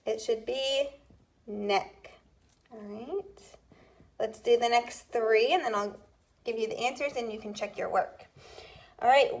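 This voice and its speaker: A woman teaching a recorded second grade phonics lesson, explaining step by step and checking in with "okay?" as she goes. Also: fairly high pitch. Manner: slow, patient explaining with repeated "okay?" checks.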